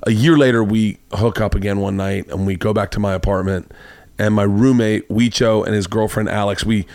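A man's voice: fairly low pitch, steady tone, brisk, darkish tone, dry recording. Man telling a rambling story. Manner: rambling anecdote, acts out quoted lines with profanity. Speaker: podcast host. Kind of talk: casual chat, storytelling. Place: home studio.

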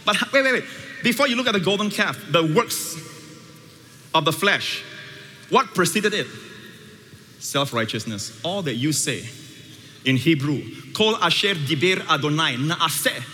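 A high-voiced, bright male preacher delivering a sermon in a large hall with a long reverb tail. He swings emphatically between ringing peaks and quiet, low asides. Faint ambience lingers behind him. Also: lively intonation, a little slow, long pauses. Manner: emphatic, with sweeping shifts between loud highs and quiet lows. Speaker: pastor.

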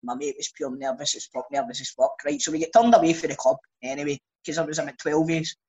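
A Scottish man telling sweary, animated stories in a casual podcast chat. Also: on the high side, fast, slightly rough.

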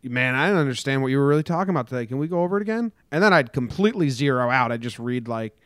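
A young man co-hosting a casual chat podcast, laid-back and wry. He swears now and then. His voice is at a middle pitch and recorded close and dry. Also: expressive, very fast, clear, resonant tone, no room sound. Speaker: podcast co-host.

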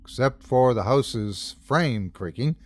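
A male horror storyteller reads in an unhurried, deliberate way, drawing each line out. His pitch rises and falls expressively as he builds dread and voices the creeping thumps of the tale himself. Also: animated, darkish tone. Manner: dramatic, voicing repeated thumping sounds. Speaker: podcast host and narrator. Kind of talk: scripted horror story narration.

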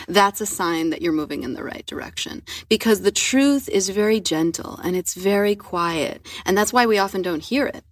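A woman's voice: mid-range voice, normal speed, no echo, clean studio sound, distant mic. A woman talking candidly and profanely as a guest author, acting out the voices in her head. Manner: profane, animated, acts out inner voices. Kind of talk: candid casual conversation.

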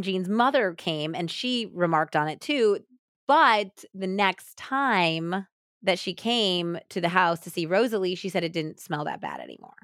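A woman's voice: on the low side, a bit bright, dry recording, clean studio sound. A woman hosting a true crime podcast, telling the case in a casual, chatty way with lots of fillers. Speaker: podcast host. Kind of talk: true crime storytelling chat.

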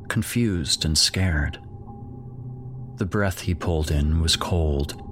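Deep, slow man narrating a horror story. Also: a bit bright.

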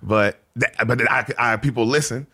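A man in his thirties from Memphis, a comedian guest rambling through animated stories in casual podcast chat, full of restarts. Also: medium pitch, normal speed. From Memphis, Tennessee. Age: 30s.

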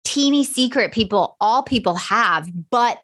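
A woman's voice: on the high side, expressive, unhurried, fairly bright tone, dry recording, clean studio sound. A woman hosting an interview podcast, effusive and affirming toward her guest. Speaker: podcast host.

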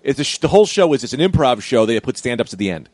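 Animated man telling a story. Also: medium pitch, racing, dry recording. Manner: animated, acts out quotes loudly. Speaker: comedian. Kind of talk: casual storytelling chat.

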